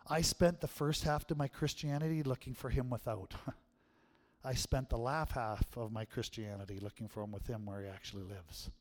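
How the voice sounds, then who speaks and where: A middle-aged man preaching a sermon as pastor, swinging from hushed tones to loud, emphatic calls. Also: mid-range voice, moderate pace. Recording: long hall reverb.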